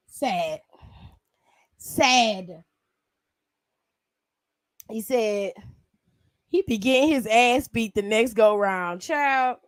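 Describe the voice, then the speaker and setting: Brief: woman from Cleveland, high voice, sassy and profane wrestling recap host, dry close sound. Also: drawn-out words, pauses often, no echo. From Cleveland, USA. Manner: sassy, profane, animated storytelling. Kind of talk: casual commentary.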